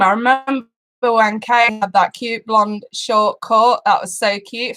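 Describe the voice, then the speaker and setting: A woman's voice: fairly high pitch, fairly even intonation, unhurried, a bit bright. A woman hosting a live tarot stream, chatting casually and giggling as she greets viewers by name.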